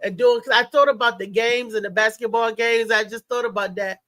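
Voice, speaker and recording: A playful female host with a bright, sharp voice. She quizzes her co-hosts with nosy questions, and her voice sounds dry and close. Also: fairly high pitch, steady tone, a little fast, dry recording. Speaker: show host. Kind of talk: casual live show banter.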